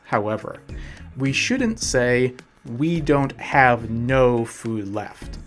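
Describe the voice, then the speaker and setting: A man coaching English in a scripted lesson, taking his time over each phrase. His voice sits at a middling pitch, and faint music plays softly behind him. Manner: slow, deliberate delivery with example sentences read out.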